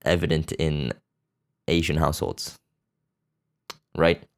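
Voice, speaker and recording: A man's voice: rumbling low, little pitch movement, takes it slowly, gravelly, smooth. A man hosting a podcast, rambling bluntly and crudely about a movie, with lots of fillers and restarts. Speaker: podcast host. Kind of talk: casual profane movie chat.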